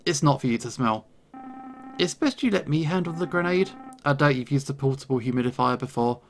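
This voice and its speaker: A man's voice: medium pitch, lively intonation, a little fast, a little hiss or hum, close to an everyday voice. A man voicing a friendly woman shopkeeper who brews potions in a video game, speaking in an easygoing, knowing way.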